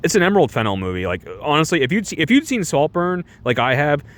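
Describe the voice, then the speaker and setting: A man's voice: on the high side, very animated, fast, fairly bright tone. A young man giving a casual, sarcastic movie review on a stream, full of restarts and rhetorical questions.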